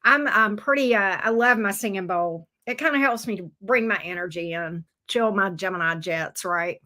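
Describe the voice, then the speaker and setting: A woman's voice: medium pitch, normal speed, pushed and bright. A woman hosting a live-stream tarot reading, chatty and folksy, talking straight to her viewers. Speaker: tarot reader, stream host.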